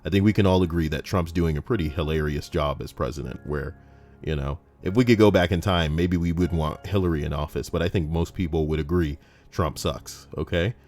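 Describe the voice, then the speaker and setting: Young guy w a deep voice, goofy ranty commentary, swears a lot. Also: darkish tone, faint music behind. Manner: swearing, joking, quick switches into mock voices. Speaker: YouTube host reading online stories. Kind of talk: comedic commentary.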